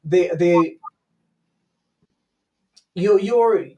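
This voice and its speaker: A man's voice: high-pitched, drawn-out words, mellow, dull audio. Easygoing man co-hosting a discussion. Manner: easygoing, laughs easily, many fillers and restarts. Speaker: co-host and coach. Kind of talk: casual panel discussion.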